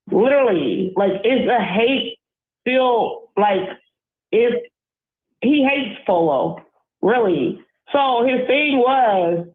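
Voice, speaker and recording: A woman calling in to a show, ranting in a heated, profane, rambling way full of fillers. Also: mid-range voice. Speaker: caller. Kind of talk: casual call-in rant. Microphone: phone. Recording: tinny phone line, echoey.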